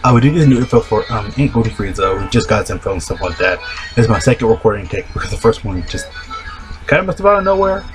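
A man who has just woken up, talking in a low, groggy morning voice and rambling casually about a mobile game, repeating the same filler words over and over. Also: lively intonation, fast. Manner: rambling, repeats "of course" and "though" constantly. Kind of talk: casual rambling video talk. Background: background music.

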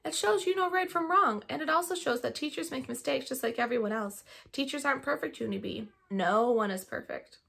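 A kind, patient schoolteacher in a children's storybook, gentle and soothing as she explains, as a woman reader puts her on. The voice is bright and a touch husky. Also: high voice, brisk, hardly any pauses, voice pushed up, full character voice.

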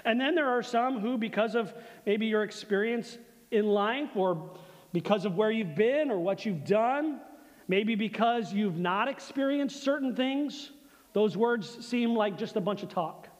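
A male pastor preaching a sermon, leading the congregation in call and response and dropping to a hushed, slow delivery on key phrases. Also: high voice. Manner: slows and softens for emphasis, leads congregation call-and-response. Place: church sanctuary. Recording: long church reverb.

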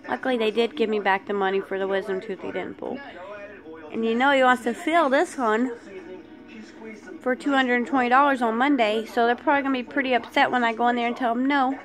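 A woman's voice: on the high side, fairly even intonation, fairly quick, long pauses. A woman vlogger frankly telling a personal story, aggravated at how she was treated.

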